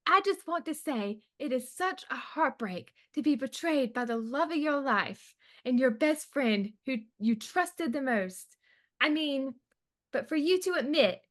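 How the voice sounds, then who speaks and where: A woman's voice: high-pitched, a bit bright, voice pushed up. A woman voicing a gushing female caller to a TV show, sugary and overly earnest. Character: gushing female TV caller reading a fan message.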